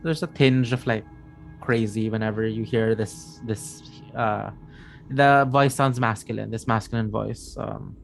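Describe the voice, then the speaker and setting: Gravelly middle-aged game master. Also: male voice, on the low side, fairly even intonation, a little slow, faint music behind. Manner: rambling, restarts and repeats phrases. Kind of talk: narrating a tabletop game.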